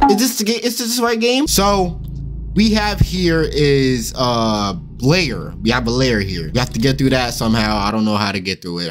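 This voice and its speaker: Lively slangy man playing a horror game. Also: mid-range voice, background noise. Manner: animated, slangy, swearing, yelps and shouts when startled. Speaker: gaming YouTuber. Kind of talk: horror game let's-play commentary.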